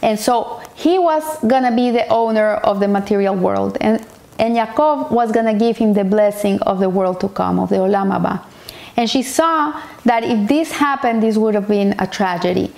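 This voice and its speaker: A woman's voice: medium pitch, moderate pace, vocal fry, darkish tone. A woman teaching a Torah portion as a story, retelling it earnestly with frequent restarts and Hebrew terms mixed in.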